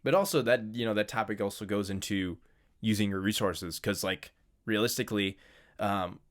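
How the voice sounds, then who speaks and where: His voice sits on the low side and moves at an ordinary pace as he co-hosts a podcast. Relaxed and chatty, he tells loose, filler-heavy stories and laughs frequently.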